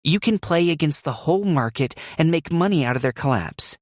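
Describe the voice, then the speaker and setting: A man's voice: fairly high pitch, lively intonation, a little fast, no room sound, clean studio sound, voice pushed up, natural voice. A man voicing a determined young woman who presses her case with tense urgency. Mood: urgent.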